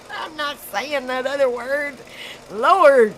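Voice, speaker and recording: A woman with a Southern US accent hosting a casual live stream, chatty and laughing at herself often, in a dark room. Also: fairly high pitch, slight background noise, low-quality recording. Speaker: livestream host.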